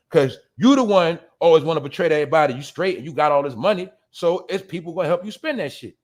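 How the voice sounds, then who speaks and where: A man's voice: fairly high pitch, expressive, brisk, darkish tone. A man hosting a show, delivering blunt, profane commentary, calling out to his listeners as y'all and laughing at his own jabs. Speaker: show host. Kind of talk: ranting commentary.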